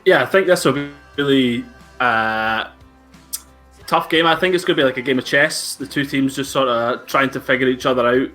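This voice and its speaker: A man, a guest on a casual live-streamed football chat, upbeat and halting, full of fillers. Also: medium pitch, bright, forceful tone, faint music behind. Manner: upbeat, hesitant, many fillers and restarts. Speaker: guest pundit.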